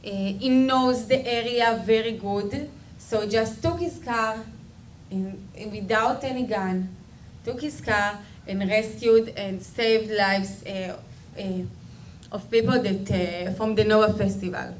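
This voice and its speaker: Slow, halting woman with an Israeli accent. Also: mid-range voice, fairly even intonation, echoey room. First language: Hebrew. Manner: halting, searching for words, many pauses and fillers. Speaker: guest speaker. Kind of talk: personal testimony talk. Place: community event hall. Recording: distant mic with faint background noise.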